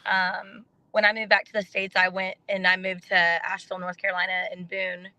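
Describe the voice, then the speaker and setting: A young adult woman from North Texas, chatting casually as a guest on a podcast and telling her story in a relaxed way. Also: mid-range voice, brisk, no room sound. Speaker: contestant guest.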